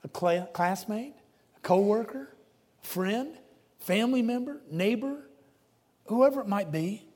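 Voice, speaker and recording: A man's voice: high voice, expressive, unhurried, pauses often, slightly rough. Emphatic male preacher in an echoing hall. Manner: emphatic, dramatic swings between loud and hushed. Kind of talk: sermon. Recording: long reverb of a large hall.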